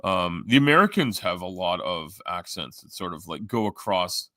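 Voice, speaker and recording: A man's voice: deep voice, expressive, normal speed, bright, forceful tone, dry recording, studio quality. A Canadian man hosting a live stream, chatting casually with viewers in a rambling, joking, profane way. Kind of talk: casual chat reading viewer comments.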